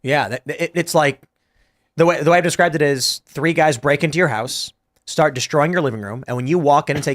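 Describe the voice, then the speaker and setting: Animated, argumentative male podcast host. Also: fairly high pitch, a little fast. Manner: animated, argumentative, with frequent restarts. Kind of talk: casual political talk show chat.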